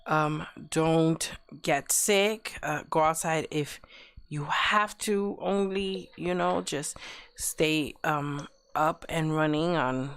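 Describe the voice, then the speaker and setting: A woman's voice: low-pitched, clean tone, no echo. A woman hosting a live stream show, chatting casually in a giggly, teasing, playful way.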